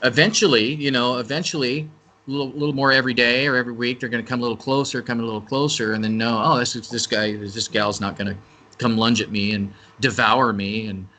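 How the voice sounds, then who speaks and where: A man's voice: mid-range voice, fairly even intonation, fast talker, sharp tone. A man speaking as a guest on a radio interview, talking casually and rambling, often restarting and correcting himself. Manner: rambling, self-correcting talker. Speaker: event organizer and interview guest.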